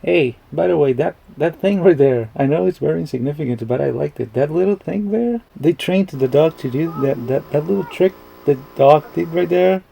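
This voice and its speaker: This is a man riffing through a movie reaction in casual, rambling commentary. His voice is gravelly and a little husky, with a mellow, dark tone. He chuckles along and swears without a second thought. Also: on the high side, normal speed, few pauses, low-quality recording.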